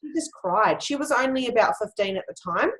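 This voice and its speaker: A woman's voice: on the high side, expressive, a little fast, a bit bright. A woman hosting a casual interview, sharing personal stories in an open, confiding way. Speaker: host. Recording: echoey room.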